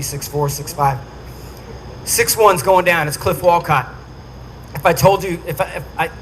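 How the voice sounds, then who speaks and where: A man's voice: on the high side, slight background noise, rough recording. A man giving a storytelling speech to a dinner audience, acting out the quotes as he goes. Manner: animated storyteller who acts out quotes. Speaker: speaker at a charity dinner.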